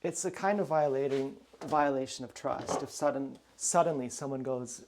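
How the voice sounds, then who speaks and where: A man's voice: medium pitch, normal speed, background noise. A man rambling in a casual, profane monologue from home, drifting between topics and muttering asides. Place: at home indoors.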